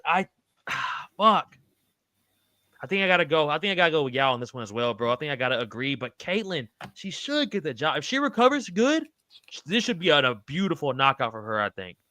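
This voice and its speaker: A man co-hosting an MMA podcast, talking casually and excitably, swearing and saying "bro" a lot. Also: fairly high pitch, no room sound, studio quality. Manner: excitable, profane, says "bro" constantly. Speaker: podcast co-host. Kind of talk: casual MMA prediction chat.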